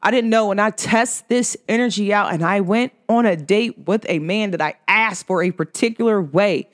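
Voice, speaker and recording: Woman, podcast host, casual spiritual chat, animated storyteller, lots of "like", mid-range voice. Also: mid-range voice, moderate pace. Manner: animated storytelling, filler-heavy with frequent "like".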